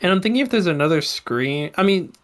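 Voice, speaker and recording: A man's voice: high voice, expressive, fast talker, fairly bright tone. A young man co-hosting a podcast, chatting in a laid-back, joking way about a movie. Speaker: podcast co-host. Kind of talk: casual movie review chat.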